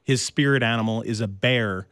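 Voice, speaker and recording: A man's voice: medium pitch, a bit bright, no room sound. Teasing male co-host, dry sound. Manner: quick teasing quips. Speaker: podcast co-host. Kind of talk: casual chat.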